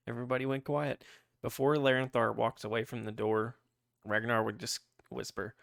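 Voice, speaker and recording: A man's voice: medium pitch, little pitch movement, normal speed, vocal fry, long pauses, a bit bright, no room sound. Dry wry male player, close dry sound. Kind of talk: casual tabletop play.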